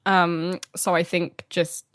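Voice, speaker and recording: A woman's voice: fairly low pitch, level tone, takes it slowly, a bit bright, no room sound, studio quality. A young woman co-hosting a podcast, telling stories in a rambling, giggly way. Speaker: podcast co-host. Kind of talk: casual chat.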